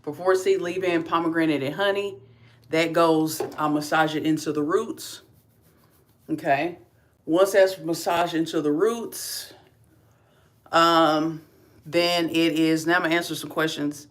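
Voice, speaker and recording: A woman's voice: deep voice, steady tone, measured pace. Middle-aged Kentucky woman, light Southern drawl, chatty livestream host talking viewers through each step. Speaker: beauty vlogger. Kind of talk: casual livestream tutorial.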